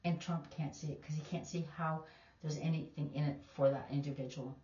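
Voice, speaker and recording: A woman's voice: sits low, steady tone, a little fast, mellow. A woman teacher, giving emphatic, opinionated casual commentary. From Canada. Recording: distant, echoey, dull lo-fi.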